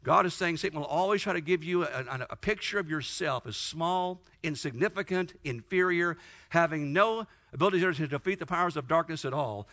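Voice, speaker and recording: A male preacher with a high, bright and tense voice delivers a fervent sermon. He tells Bible stories with emphatic repetition, captured on a dull, lo-fi recording. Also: a little fast.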